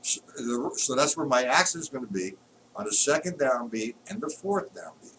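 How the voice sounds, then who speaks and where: A man teaching drums in a live-streamed lesson, explaining patterns patiently and counting beats aloud loudly while he plays. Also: mid-range voice, expressive, normal speed, heavy background noise. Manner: explains patiently, checks if students follow. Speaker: drum teacher. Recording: distant mic with loud drumming.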